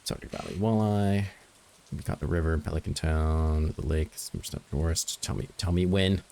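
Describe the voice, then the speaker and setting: A man with a bass voice casually commentates a farming game as he plays, thinking aloud and cracking dry, self-mocking jokes. His gravelly, dark-toned voice keeps fairly even intonation at normal speed. Slight background noise can be heard.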